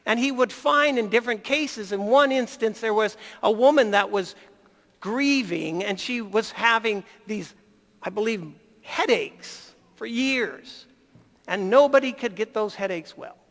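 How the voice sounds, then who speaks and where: A man telling stories in a folksy, animated health talk. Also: extremely high pitch, in a large hall.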